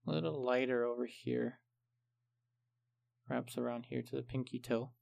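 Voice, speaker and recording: A man calmly explaining each step of a painting tutorial, unhurried and methodical. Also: mid-range voice, gravelly. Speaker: art instructor.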